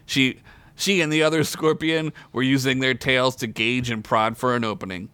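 Man, comic story reading, bright tone, dry recording, laughs through his lines. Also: medium pitch, steady tone, normal speed, smooth, no echo. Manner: breaks into laughter while reading, jokey asides.

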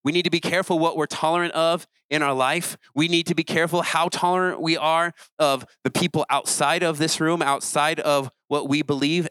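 A man with a fairly high voice preaches earnestly to a youth crowd, talking in a plain, conversational way. His sentences stumble and restart now and then. The sound is dry and close. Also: fairly bright tone, no echo, low-quality recording. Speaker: youth pastor. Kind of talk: sermon.

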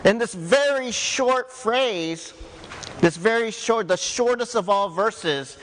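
Slow-talking pastor in an echoey hall. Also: male voice, high voice, a bit bright, a little hiss or hum. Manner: conversational, earnest, with frequent "right?" asides. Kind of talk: sermon.

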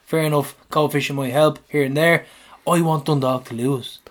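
A man's voice: on the high side, fairly even intonation, moderate pace. An Irish man co-hosting a football podcast in casual chat, blunt and fiery, swearing freely. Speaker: podcast co-host.

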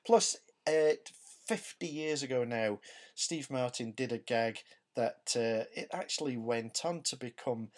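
A man's voice: mid-range voice, a little slow. A Scottish man co-hosting a podcast, chatting casually about comedy shows in a rambling way, searching for words and correcting himself as he goes. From Scotland. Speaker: podcast co-host. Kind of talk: casual comedy review chat.

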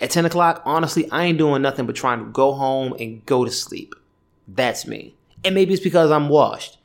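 A man's voice: medium pitch, moderate pace. A man in his thirties hosting a podcast alone, telling a rambling, profane story in casual chat. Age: 30s. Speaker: podcast host. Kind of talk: casual solo rant.

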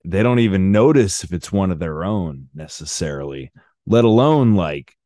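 A man hosting a podcast, relaxed and conversational, chuckling and answering with short agreeing sounds. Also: low voice, normal speed, dry recording, studio quality. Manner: laid-back, chuckles and agrees with short "mm-hmm"s. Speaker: podcast host. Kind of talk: casual interview chat.

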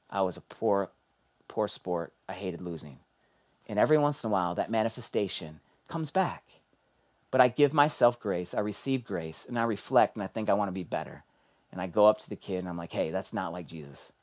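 A male pastor delivering a sermon in an animated storytelling way. His voice drops low and quiet for reflective points, then climbs high and loud when the story gets heated.

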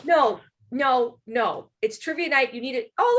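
A woman in her late twenties with a slightly high voice, telling a story in a heated way and swearing freely. She talks casually and gets worked up as she goes. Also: unhurried, a bit bright. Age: late 20s. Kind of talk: casual chat.

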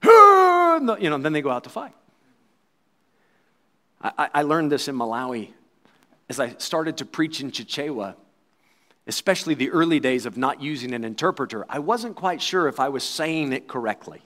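A man preaching a sermon, quoting scripture and acting out voices, swinging between loud bursts and quiet asides. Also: mid-range voice, lively intonation, moderate pace, pauses often. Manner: acts out quoted voices and crowd replies.

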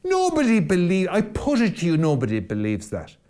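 Man, catholic priest on a podcast, preacherly rhetoric, voice swooping up and down, mellow warm tone. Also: high-pitched, huge pitch swings, brisk. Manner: rhetorical, preacherly, repeats phrases for emphasis. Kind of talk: impassioned podcast argument.

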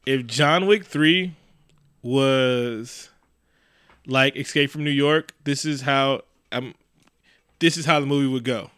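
A man co-hosting a casual chat, animated and swearing, often jumping into high excited bursts. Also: slow, pauses often, smooth, no echo, clean studio sound. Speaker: podcast co-host.

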